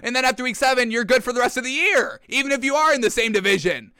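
A man hosting sports talk, ranting in a mocking, animated way and repeating himself for effect. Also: very high-pitched, fast talker, clean tone, no echo, studio quality.

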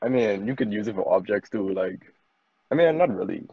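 A young man on a friends' podcast, rambling and circling his point. His voice is lowish. The sound is dry and slightly dull. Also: animated, fairly quick, breathy edge, dry recording. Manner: rambling, full of fillers and restarts. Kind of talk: casual chat.

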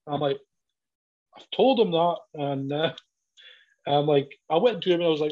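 A man, a professional wrestler, telling sweary, animated stories in casual chat and acting out both sides of each exchange. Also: on the high side, moderate pace, pauses often. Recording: dull lo-fi audio.

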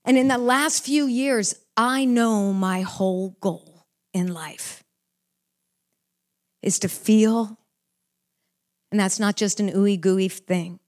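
A woman's voice: medium pitch, slow, long pauses, a little mellow. An older woman preaching a heartfelt, earnest sermon about love and purpose. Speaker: Christian speaker.

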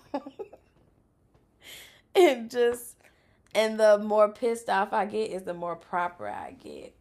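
Slow, gravelly-voiced woman podcast host. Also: medium pitch. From South Louisiana, US. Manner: candid, swears freely, laughs often. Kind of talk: casual podcast chat.

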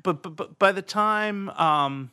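A man's voice: high voice, takes it slowly, bright, forceful tone, clear, resonant tone. A man hosting a casual podcast chat and running the game, rambling and easygoing with frequent chuckles.

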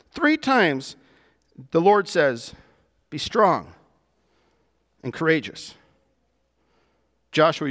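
A man preaching a sermon to his church, with animated delivery that rises and drops to soft, emphatic lows. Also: long reverb tail. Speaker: pastor.

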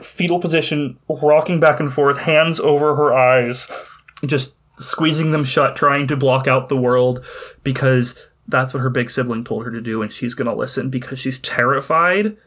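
A man's voice: mid-range voice, steady tone, fairly bright tone. Man narrating as game master. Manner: measured descriptive storytelling with occasional fillers.

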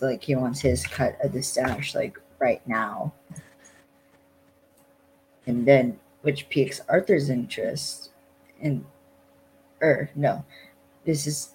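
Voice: mid-range voice, a little hiss or hum, poor audio. A podcast host casually recapping a TV episode, loose and rambling with lots of "like" and some blunt swearing.

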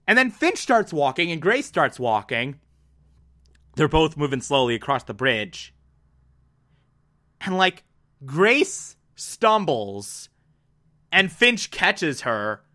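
Bright, gushing TV recapper. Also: mid-range voice. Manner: gushing and animated, with sudden excited outbursts. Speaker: TV episode recapper. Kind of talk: excited casual recap.

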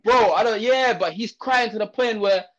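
A young man from Zimbabwe, speaking, tells a story in a loose, casual chat. His voice sits high, and his talk is animated and slangy, packed with fillers and restarts. The audio is dull and lo-fi. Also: moderate pace.

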